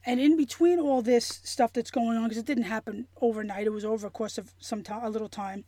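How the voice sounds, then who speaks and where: A woman telling a personal story in an interview, earnest and emotional, halting with many restarts and fillers. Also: fairly high pitch, fairly even intonation, warm tone, no room sound. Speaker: interview guest.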